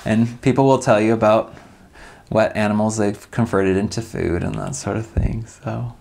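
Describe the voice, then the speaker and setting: Low-voiced wry man explaining. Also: fairly even intonation, normal speed, creaky, a little mellow, a little hiss or hum. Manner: wry, joking, with "um" fillers. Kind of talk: casual explaining.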